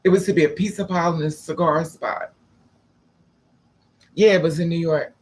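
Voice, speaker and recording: A man's voice: a little high, steady tone, normal speed. A man telling a personal story in a casual, profane, dramatic way, acting out the people in it. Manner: profane, dramatic, switching between quoted voices.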